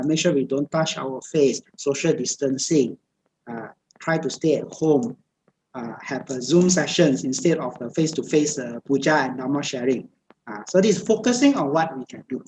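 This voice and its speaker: A woman gives a Buddhist dharma talk over a video call, her voice low. She speaks in repetitive, list-like phrases and often stops on hesitant fillers. Faint noise sits behind her. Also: lively intonation, normal speed, darkish tone, poor audio. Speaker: meditation teacher.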